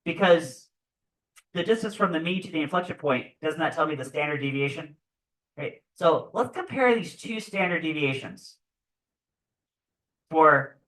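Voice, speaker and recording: A male physics teacher giving a classroom lecture, animated and constantly checking in with "right?". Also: fairly high pitch, distant mic, poor audio. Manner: animated, keeps asking "right?".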